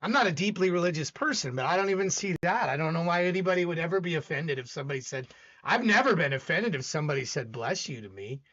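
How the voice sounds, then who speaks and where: A man's voice: on the high side, expressive, quick pace, a bit bright, lo-fi sound. A man from the American South with a Southern accent, hosting a casual livestream, rambling and arguing with his chat. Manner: rambling, talks back to chat, argumentative. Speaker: livestream host.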